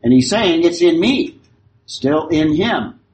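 A man teaching a Bible class verse by verse, in a measured, explanatory way that keeps restating his points. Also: fairly high pitch, expressive, a little mellow, slight background noise, poor audio.

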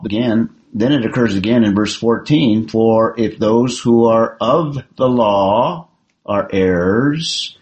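A man teaching a Bible class, explaining the text and putting questions to his students with halting restarts. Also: sits low, low-quality recording. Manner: slow and deliberate, with halting restarts.

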